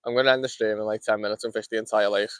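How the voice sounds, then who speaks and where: A young man with a Scouse accent from Liverpool, chatting quickly to his live-stream viewers while fishing outdoors in the cold and laughing often. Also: fairly low pitch, fairly even intonation, a bit bright, clear, resonant tone, no echo. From Liverpool, England. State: cold, shivering. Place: outdoors by a lake.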